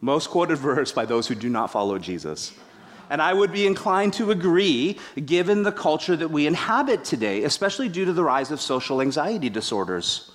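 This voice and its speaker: A middle-aged man delivers a sermon in a fairly high voice. He tells stories animatedly, acting out what people said. He pokes gentle fun at himself along the way. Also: normal speed. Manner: animated storytelling with acted-out quotes; self-deprecating humor. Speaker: pastor.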